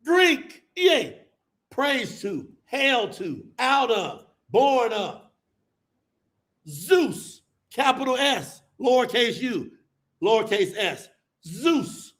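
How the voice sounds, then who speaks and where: A man preaching with fire to a live audience, emphatic and colloquial, calling out to the crowd as y'all and bursting into shouts. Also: very high-pitched. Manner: colloquial, addresses listeners as y'all. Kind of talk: fiery sermon to a live audience.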